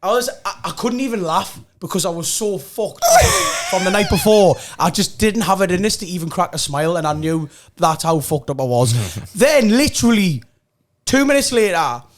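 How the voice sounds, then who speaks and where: High-voiced Geordie man telling a story. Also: normal speed. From North East England. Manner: animated, swearing, acts out other people's lines. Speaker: podcast co-host telling a story. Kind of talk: casual storytelling chat.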